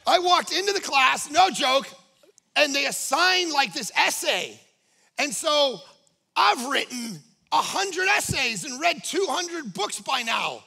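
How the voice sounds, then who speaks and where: A man's voice: very high voice, slow pace, gravelly. A male pastor preaching a humorous sermon, telling stories with jokes and acting out the people he quotes. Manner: animated, jokey, acts out quoted voices.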